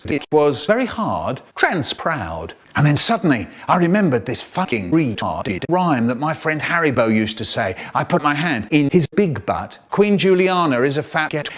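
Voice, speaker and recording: An older man with a British English accent, telling stories in a playful, expressive way. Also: on the high side. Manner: animated, playful storyteller. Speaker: children's author and poet. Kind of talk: expressive storytelling, chopped into a comedy edit.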